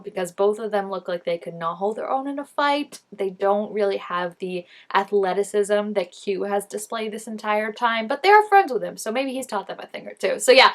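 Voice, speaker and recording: A woman's voice: mid-range voice, a bit bright. A young woman hosting a casual reaction video, chatting emotionally and talking back to the screen.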